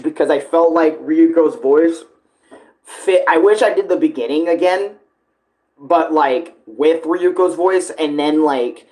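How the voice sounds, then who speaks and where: A man's voice: on the high side, darkish tone. A man chatting loosely about his own song cover, swearing and restarting sentences often. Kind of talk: casual rambling commentary.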